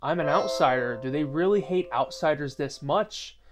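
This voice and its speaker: A man's voice: on the high side, normal speed, soft background music, voice pushed down, close to an everyday voice. A man voicing a bewildered Wild West cowboy who asks puzzled questions in a lightly acted storytelling voice.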